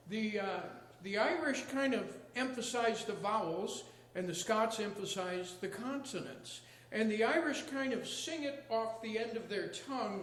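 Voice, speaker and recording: A man's voice: high voice, a bit bright. A man performing a chatty stand-up comedy routine with joking asides to the audience at an open mic night. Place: small arts venue, open mic stage. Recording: echoey room.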